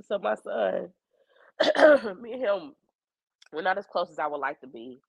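A hoarse woman in her forties with a fading voice and a cough, talking candidly and reflectively in her personal video journal. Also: deep voice, no room sound, lo-fi sound. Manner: candid, rambling, colloquial, reflective. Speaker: psychic medium keeping a video journal.

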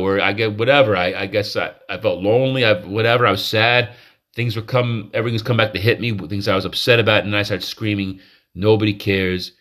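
The podcast host, a man whose mid-range voice has a fairly bright tone, pours out a rambling, confessional monologue in a manic state, repeatedly interrupting and restarting himself.

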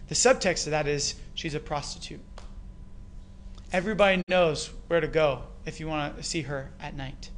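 A Canadian man preaches a sermon in a fairly high voice. He tells the story with animated emphasis and throws rhetorical questions to his listeners. A faint ambient hum sits behind him. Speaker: pastor.

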